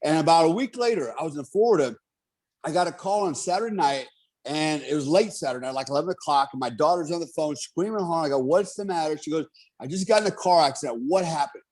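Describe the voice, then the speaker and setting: A man's voice: on the high side, fast talker, a little mellow. A middle-aged man telling stories as a guest in a casual podcast chat, blunt, profane and emphatic.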